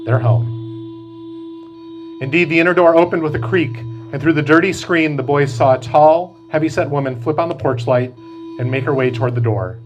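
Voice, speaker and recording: A man, the author, reading aloud from his novel at a bookstore event in slow, measured storytelling. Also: a little high, soft background music, poor audio.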